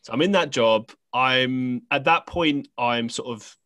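A man's voice: medium pitch, unhurried, sharp tone, no echo. An English man hosting a podcast, telling a story in a rambling, chatty way with lots of fillers and restarts. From England. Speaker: podcast host. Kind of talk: casual conversational storytelling. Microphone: podcast microphone.

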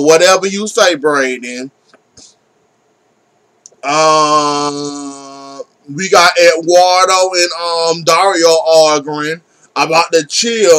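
Sassy male soap recapper with a high, bright voice who swears freely and scolds the characters. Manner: sassy, blunt, profane, talks back to characters. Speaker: soap opera reviewer. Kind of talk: casual opinionated recap.

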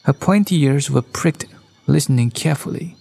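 A man narrating a children's bedtime story in a gentle read-aloud manner, recorded in a studio. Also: medium pitch, moderate pace, gravelly. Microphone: studio microphone.

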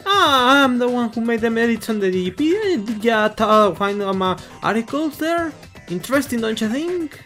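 A blustering braggart with a high, pushy voice, slangy and threatening, quick to take offense. A man puts him on while reading a video game's lines aloud. Nothing here is subtle. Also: very animated, pushed and bright, faint music behind, full character voice. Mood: boastful. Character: brash touchy young man, boastful wiki editor. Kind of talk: reading game dialogue aloud.

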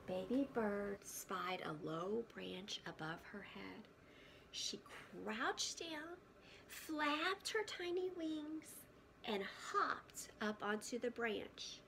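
A woman preschool teacher reading a picture book aloud to children, gentle and often hushed, stopping to ask questions. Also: mid-range voice, expressive, drawn-out words, creaky, slight background noise.

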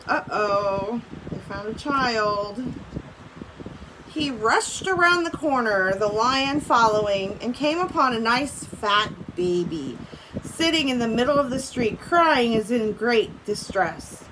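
A woman teacher reads a story aloud from home in a fairly high voice. She stops now and then to make casual asides to her class. A steady hiss and clicks sit under the noisy recording. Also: a little slow. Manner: breaks off to comment casually and laugh.

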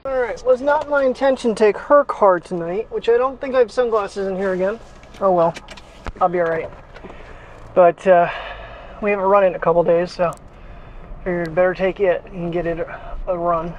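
Recorded on a small wireless clip mic, a man does his daily vlog while walking the dog outdoors and later in a car, rambling casually with self-deprecating humor and frequent chuckles. His voice sits high, at a moderate pace with long pauses. The highs are cut off and there's slight background noise.

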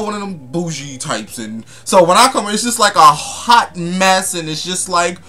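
In a high, bright, forceful voice, a young man talks casually to camera in his vlog. Sassy and flamboyant, he calls his viewers honey and darling and throws in dramatic bits of gossip.

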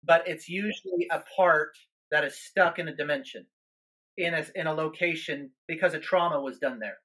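A man's voice: on the high side, normal speed, pushed and bright. Earnest man telling a ministry story. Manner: earnest, many restarts and repeated words. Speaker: guest minister. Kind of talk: storytelling in a podcast interview.

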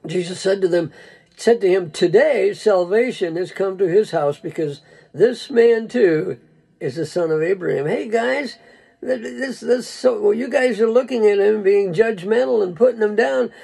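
A man's voice: high voice, normal speed, warm tone, low-quality recording. A man preaching a casual, folksy sermon, rambling and chuckling, calling people "dude". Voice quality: gravelly, husky.

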